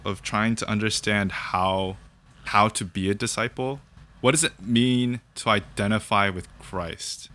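A young man calmly sharing his faith story in conversation, thinking aloud and often checking in with "right?". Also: fairly low pitch. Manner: reflective, thinks aloud with fillers and repeated "right?". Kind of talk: casual conversation about faith.

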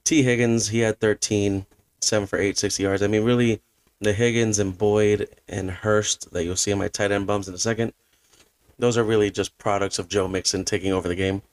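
A man's voice: fairly low pitch, level tone, fairly quick, no room sound. A man hosting a podcast, giving a blunt and opinionated fantasy football recap. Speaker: podcast host.

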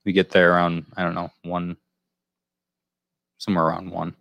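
Speaking with a completely flat delivery, a man co-hosting a podcast rambles through a long story in casual conversation, repeatedly looping back to the thread. His very deep voice is creaky with a fairly bright tone at a moderate pace, and the recording is dry and close.

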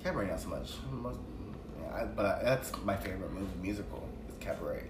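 A man chatting casually and telling animated stories while doing makeup with a friend. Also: sits low, a little fast. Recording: echoey room, distant mic, noisy background.

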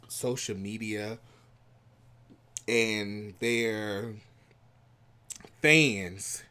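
A man giving casual reaction commentary in a slangy, animated way, swinging between loud outbursts and hushed asides. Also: lowish voice. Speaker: commentary vlogger.

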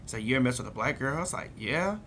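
A man's voice: medium pitch, lively intonation, very fast, pushed and bright, slight background noise. A young man hosting a casual chat, telling stories with lots of laughter and acted-out quotes. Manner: laughs often, acts out quotes with raised voice. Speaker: podcast host.

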